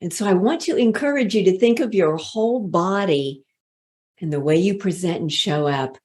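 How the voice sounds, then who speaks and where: A woman giving a motivational talk on leadership as a voice coach, speaking slowly and deliberately with drawn-out emphatic words. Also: fairly low pitch, a little mellow.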